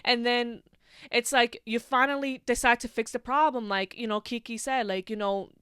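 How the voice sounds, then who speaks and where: A young woman carries a solo podcast with a bright, smooth, clear voice pitched a touch high. She talks with passion and plenty of swearing, leaning on "like" and "you know" as she goes. The sound is dry and close, with no room around it. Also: fairly even intonation, normal speed, dry recording. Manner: passionate, profane, heavy use of filler "like". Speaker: podcast host. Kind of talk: casual solo podcast monologue.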